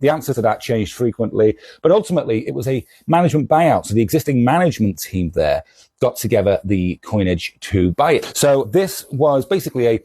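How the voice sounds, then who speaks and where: A man's voice: medium pitch, very animated, a little fast, mellow, husky, dry recording. A man who sells comics, talking in a casual vlog, rambling and self-deprecating as he does a kitchen science demo. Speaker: comic shop seller.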